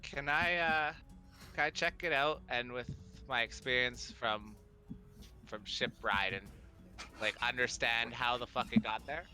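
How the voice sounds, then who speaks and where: A man playing a tabletop game, casual and quick to swear. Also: medium pitch, fairly even intonation, bright, forceful tone. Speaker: player. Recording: faint music behind.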